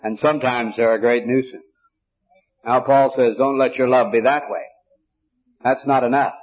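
A man preaching a sermon, teaching in a measured, earnest way with frequent restarts. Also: medium pitch, dull audio.

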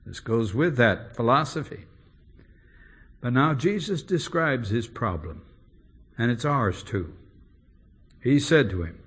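Brief: male preacher, husky and unhurried, emphatic, asks rhetorical questions. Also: medium pitch, expressive, a bit bright. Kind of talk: expository sermon.

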